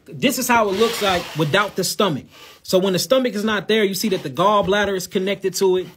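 A man's voice: high voice, a little fast, fairly bright tone, slight background noise. Man with a St. Louis accent and a lisp. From St. Louis, USA. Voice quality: lisp on s sounds. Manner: casual, addresses viewers as y'all and God. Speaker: herbal health host. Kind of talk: live Q&A reading viewer questions.

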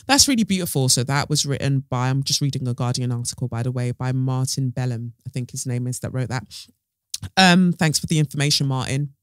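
A woman's voice: very deep voice, brisk, no room sound, clean studio sound. A British woman hosting a solo podcast, talking in a chatty, playful way, full of asides and slang. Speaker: podcast host. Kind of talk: casual solo podcast chat.

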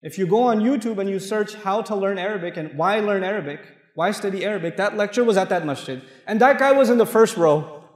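A man from Pakistan delivers a lively, funny, storytelling sermon. His voice sits fairly high, and he speaks with emphasis. The hall around him is echoey, with a long reverb tail. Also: brisk. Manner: animated, humorous, emphatic. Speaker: Islamic lecturer. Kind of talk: storytelling sermon to a mosque audience.

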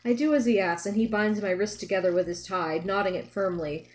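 A woman reading a novel aloud in steady, wry narration, breaking off for joking asides. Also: mid-range voice, fairly quick. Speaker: reader.

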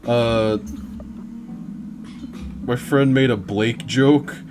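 A man's voice: mid-range voice, steady tone, drawn-out words. A man hosting a casual gaming stream, joking around with a friend and laughing often. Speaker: gaming channel host. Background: game music.

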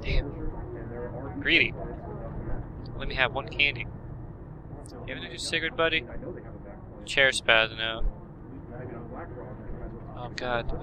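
A man doing let's-play commentary, talking to himself in a frantic way and bursting out loudly. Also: mid-range voice, slow pace, long pauses, over a noisy crowd, low-quality recording. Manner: frantic self-talk with loud outbursts. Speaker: gaming commentator.

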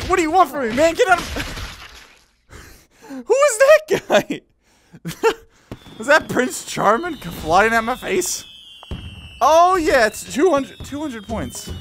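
A gaming video host giving excitable, casual let's-play commentary, full of exclamations and bursts of laughter. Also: medium pitch.

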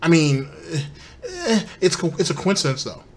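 A man's voice: a little high, huge pitch swings, a little slow, a little hiss or hum. A man hosting a commentary channel who reacts to clips with sarcastic, mocking remarks aimed at his viewers.

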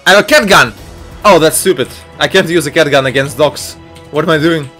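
A young adult man giving excitable, jumpy let's-play commentary full of shouts and exclamations. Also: fairly high pitch, fairly quick, soft background music. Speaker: gaming YouTuber.

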